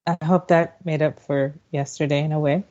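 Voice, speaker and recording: A woman chats casually on a radio show and teases her co-host with quick remarks. Her voice is low and mellow. The sound is dull and lo-fi. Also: steady tone. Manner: teasing, short reactions. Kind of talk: casual chat.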